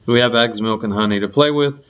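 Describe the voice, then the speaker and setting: A young man teaching a programming lesson in a relaxed, rambling way, full of ums and likes. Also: medium pitch, fast, clean tone, muffled recording. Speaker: coding instructor.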